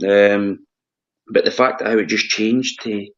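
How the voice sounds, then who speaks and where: Scottish man, low voice, hesitant casual chat, dull lo-fi sound. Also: steady tone, a little slow. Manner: hesitant, repeats words. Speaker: host.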